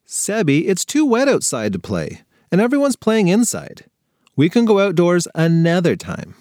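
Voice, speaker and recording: A man's voice: sits high, wildly swooping pitch, moderate pace, darkish tone, dry recording, studio quality, voice pushed up. A man doing an exasperated big-sister girl. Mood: patient. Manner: bossy, exasperated sisterly pleading.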